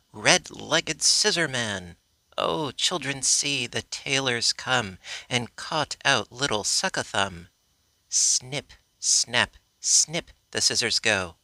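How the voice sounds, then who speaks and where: A man reading old rhymed children's stories aloud in a slow, measured way, giving the characters' quotes their own voices. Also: mid-range voice, animated, bright, forceful tone, no echo. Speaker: narrator.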